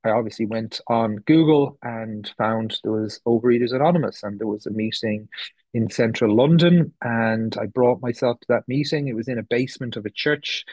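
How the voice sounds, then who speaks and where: At a meeting, an Irishman in his thirties from the west of Ireland gives a personal testimony about his recovery, candid and rambling with frequent fillers and restarts. He speaks at a moderate pace in a mid-range, slightly mellow voice, and the recording is dry.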